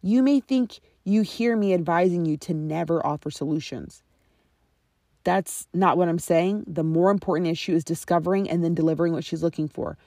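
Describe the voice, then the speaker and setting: A woman in her thirties, a friendship coach, delivers a teaching monologue on her own podcast, conversational and instructive, often checking in with listeners. Her voice is lowish, dark and fairly even in intonation, and she speaks briskly. The studio-quality recording has no room sound.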